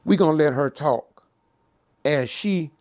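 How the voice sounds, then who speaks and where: A man's voice: on the high side, a little slow, darkish tone, dull audio. A man commenting on a video clip as an online news reporter, folksy and preacher-like, quoting scripture. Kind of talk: casual commentary.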